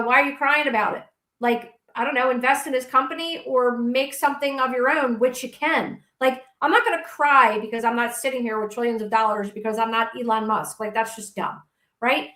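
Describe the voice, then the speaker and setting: Combative high-voiced woman, echoey room. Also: pushed and bright. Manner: combative, blunt, profane. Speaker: guest. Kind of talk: heated interview.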